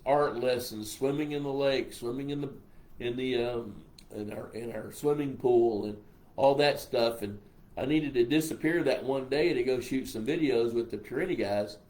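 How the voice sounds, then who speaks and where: An older Texan man with a dark tone, medium pitch and moderate pace hosts a casual live stream. He reads viewer comments and answers their questions in a folksy, rambling manner.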